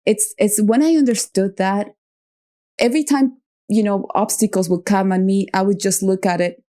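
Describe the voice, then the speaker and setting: A woman hosts a podcast with a medium-pitched, steady, dark voice at normal speed. In this reflective interview conversation she searches for her words and laughs easily.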